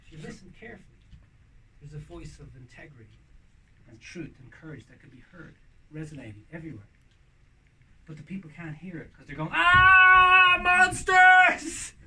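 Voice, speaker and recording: A man doing stand-up comedy, animated, with bursts of loud shouting when acting out scenes. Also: fairly high pitch, brisk, pauses often. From Ireland. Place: castle room with live audience. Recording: distant mic, audience noise.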